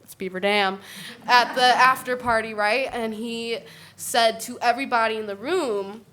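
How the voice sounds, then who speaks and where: Woman, higher voice, bright tone, animated talk, panel discussion, keeps saying "right?". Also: a little slow. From Puerto Rican family. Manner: animated, tags points with "right?".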